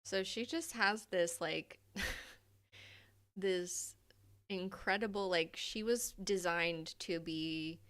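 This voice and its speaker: A woman's voice: on the low side, drawn-out words, long pauses, a bit bright, clean tone. A young adult woman hosting a casual live stream, chatty, laughing often and swearing freely.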